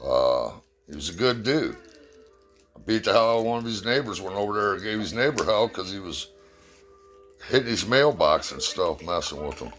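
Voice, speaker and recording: A man's voice: deep voice, expressive, normal speed, a bit bright, soft background music. A man from the United States giving a blunt, profane opinion rant and telling a fable.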